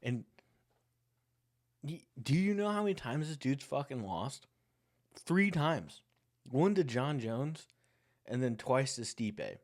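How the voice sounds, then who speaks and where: A young man hosts his own sports talk show, his voice sitting at an ordinary middle pitch. He rants in a heated, rambling way, swearing constantly and working himself up as he goes. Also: very animated, slow pace, long pauses. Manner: heated, profane, rambling, gets worked up. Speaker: podcast host. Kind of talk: casual sports rant.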